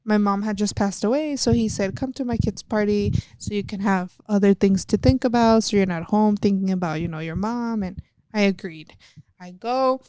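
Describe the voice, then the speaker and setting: Smooth-voiced woman. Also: mid-range voice, moderate pace, no room sound, clean studio sound. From El Paso, Texas. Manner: candid and animated, swears freely, acts out quoted dialogue. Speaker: podcast guest, wrestler. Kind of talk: casual interview storytelling.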